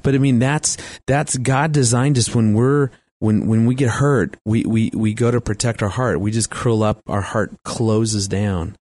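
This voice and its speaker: Low-voiced middle-aged man telling stories. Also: steady tone, a little slow, hardly any pauses, darkish tone, no echo. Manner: chatty, laughs often, frequent restarts. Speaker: marriage and family speaker. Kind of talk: storytelling talk with faith references.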